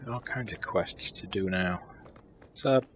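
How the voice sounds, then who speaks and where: A man's voice: low-pitched, measured pace, a bit bright, slight background noise. A man giving crude, sarcastic, irreverent commentary over a video game playthrough. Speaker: let's play commentator.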